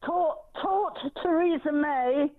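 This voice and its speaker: Very high-voiced older woman on phone. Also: slow, no room sound. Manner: polite, cautious, gently laughing. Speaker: caller. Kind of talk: phone-in call. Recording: dry tinny phone line.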